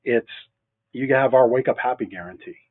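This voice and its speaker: A man's voice: medium pitch, normal speed. A man co-hosting a casual business chat, easygoing and joking, adding sarcastic asides. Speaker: mattress store owner co-hosting a local show. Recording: dry, phone-like narrow sound.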